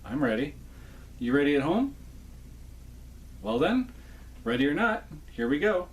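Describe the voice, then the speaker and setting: A man hosting a hands-on repair tutorial, explaining each step in a relaxed, folksy way. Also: on the high side, a little slow, slightly rough. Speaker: toy repair host and ventriloquist.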